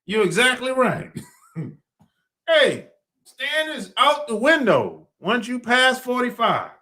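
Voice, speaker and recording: A man's voice: extremely high pitch, big pitch swings, slow pace, pushed and bright. A man hosting a podcast, talking in a blunt, slangy, rambling monologue and laughing often between lines. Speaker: podcast host. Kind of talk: casual monologue.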